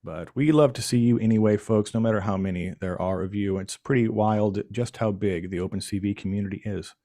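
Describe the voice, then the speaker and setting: A man from Michigan hosting a live stream, chatting casually and jokingly with the audience and pausing often on fillers. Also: fairly low pitch, warm tone, no room sound, clean studio sound. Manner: playful, jokey, chatty with frequent fillers. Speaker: livestream host.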